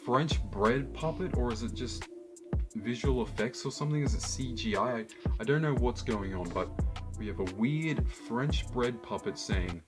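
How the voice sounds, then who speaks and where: A man's voice: medium pitch, moderate pace, over music. A man with an Australian accent, hosting a reaction video in an incredulous, ranting way. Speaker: YouTube host. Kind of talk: reaction rant.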